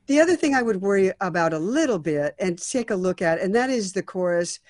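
A woman's voice: medium pitch, expressive, brisk, a little mellow, no room sound. Brief: woman songwriting mentor, mid-range voice, dry close sound, reflective critique full of restarts. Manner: thoughtful, frequent restarts and fillers. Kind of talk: critiquing a song draft.

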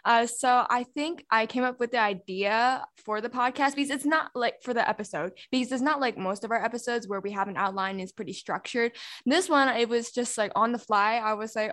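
A woman's voice: a little high, moderate pace, fairly bright tone. A woman podcast co-host chatting casually in an interview, acting out remarks she quotes.

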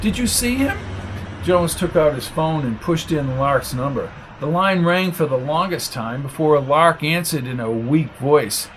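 A man narrating a detective story in an audiobook, reading with lively expression. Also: on the high side, a little slow, few pauses, slight background noise.

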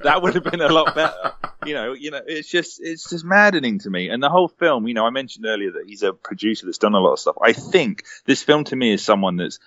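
A man's voice: medium pitch, lively intonation, quick pace, few pauses, fairly bright tone, dry recording. A man in a casual film review chat, ranting in an exasperated, sweary way. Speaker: podcast co-host. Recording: dry, dull-sounding recording.

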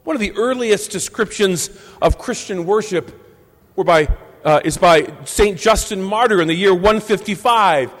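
A Catholic priest in his fifties giving a measured, reflective Sunday homily in a church. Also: high voice, a bit bright. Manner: measured, reflective preaching with deliberate pauses. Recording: long church reverb.

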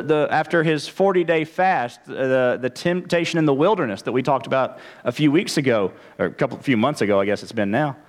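Earnest pastor, slightly high voice. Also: male voice. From Texas, United States. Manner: earnest, conversational preaching with frequent stammered restarts. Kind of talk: sermon.

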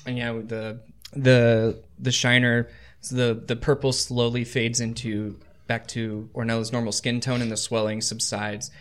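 A man's voice: medium pitch, little pitch movement, measured pace. A man running a tabletop game as game master, describing scenes like camera shots.

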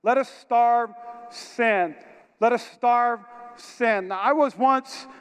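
A pastor with a very high, smooth voice preaches slowly to his congregation in a church auditorium. He tells stories with great energy and animation, calling out to the crowd, and the hall echoes around him.

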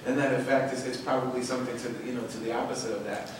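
A man telling a story with passion, animated and emphatic, stressing his words by repeating them. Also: medium pitch, rapid-fire. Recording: echoey room, from far off, faint noise.

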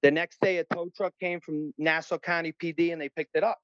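A middle-aged man, telling a story in an animated, profane way and acting out other voices. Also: a little high, brisk, no echo, highs cut off. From Long Island, New York. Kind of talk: casual storytelling.

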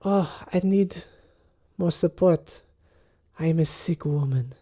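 A woman's voice: low-pitched, takes it slowly, dark tone, pitched above the performer's own voice. A woman voicing a frail, teasing elderly woman who puts on a German accent. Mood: plaintive. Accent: put-on German.

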